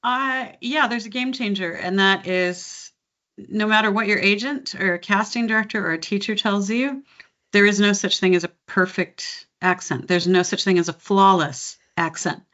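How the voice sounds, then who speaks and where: A woman dialect coach chatting in an interview, animated and breaking into laughter mid-sentence. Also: mid-range voice, normal speed. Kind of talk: casual interview chat. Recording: dull lo-fi sound.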